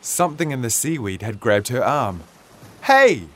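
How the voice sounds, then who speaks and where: A man reading a children's story aloud as narrator. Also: mid-range voice. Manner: slow, animated storytelling.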